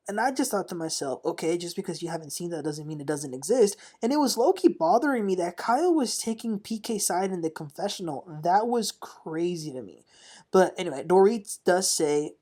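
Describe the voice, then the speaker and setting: A woman's voice: fairly low pitch, expressive, normal speed, dark tone. A woman hosting a casual reality-TV recap, chatty and opinionated, often laughing as she talks. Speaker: TV recap host.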